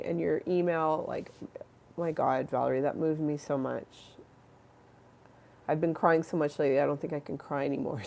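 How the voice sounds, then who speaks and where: A woman's voice: fairly low pitch, vocal fry, dark tone. A young woman hosting a casual livestream, chatting to her viewers in a rambling, affectionate way with many fillers and restarts. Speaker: livestream host.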